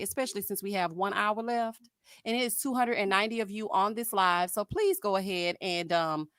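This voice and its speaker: A woman's voice: medium pitch, smooth, no echo, clean studio sound. Sassy woman hosting a live stream. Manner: sassy, animated, says "honey" and "child". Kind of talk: casual reality TV commentary.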